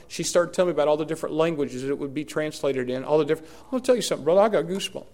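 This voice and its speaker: A man, a pastor preaching a sermon and telling a story with lively, emphatic repetition. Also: a little high, very fast, hardly any pauses.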